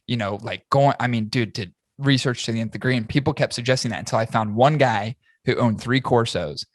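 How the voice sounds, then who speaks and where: Profane, animated man hosting a podcast. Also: medium pitch, fairly quick, no echo, clean studio sound. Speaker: podcast host. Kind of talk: casual chat.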